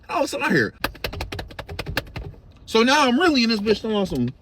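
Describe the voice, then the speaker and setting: A man's voice: very high-pitched, sing-song, fast, background noise. A young man from Chicago telling a story in casual, slang-heavy, profane street talk.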